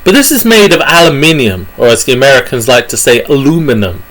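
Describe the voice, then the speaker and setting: A man's voice: mid-range voice, sing-song, quick pace, a bit bright, rough recording. A man with a British accent giving a jokey, rambling monologue about pictures on screen, full of fillers and self-corrections. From Britain.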